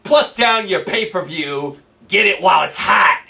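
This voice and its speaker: A brash, combative man rants through a sports talk monologue in a high, bright voice, hammering his points home by saying them again and again. He sits a little away from the mic. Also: animated, a little slow, gravelly, recorded from a distance. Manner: brash, combative, repeats lines for emphasis. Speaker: sports show host.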